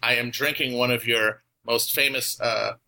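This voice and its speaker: A man's voice: medium pitch, moderate pace, vocal fry. Wry American man with a nasal voice. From United States. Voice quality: flat and nasal. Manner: wry, self-mocking and digressive. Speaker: podcast guest. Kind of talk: casual chat.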